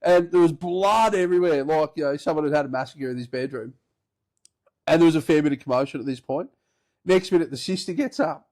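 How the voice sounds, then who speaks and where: Australian man, slightly high voice, casual podcast host, rambling swearing yarn, bursts of laughter. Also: brisk, a little mellow. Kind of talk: casual storytelling.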